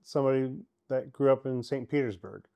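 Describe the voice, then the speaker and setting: A man's voice: medium pitch, a little fast, gravelly, mellow, clear, resonant tone. Hesitant, stammering man. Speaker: guest.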